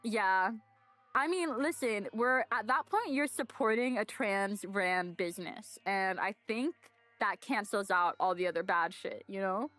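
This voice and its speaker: A woman reading aloud and commenting excitably on a game playthrough, swearing casually. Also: mid-range voice, a little slow, soft background music. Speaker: let's play streamer.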